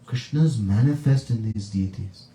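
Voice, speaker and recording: A man preaching a devotional class, telling a story and acting out the characters with high, crying calls. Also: moderate pace, mellow. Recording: echoey room, distant mic.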